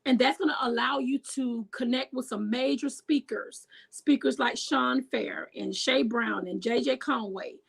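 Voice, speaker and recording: A woman's voice: a little high, creaky, husky, low-quality recording. A woman hosting a talk show over a video call, bubbly and effusive, talking straight to her listeners. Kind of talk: enthusiastic video-call interview.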